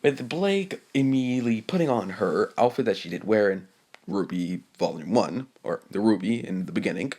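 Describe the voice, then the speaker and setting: Gravelly low-voiced man telling a rambling fan story. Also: expressive, moderate pace, a little mellow. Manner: hesitant, rambling, many filler words and restarts; reads characters' lines in a mostly plain voice. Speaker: fan-fiction narrator. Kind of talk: improvised retelling of a fan story.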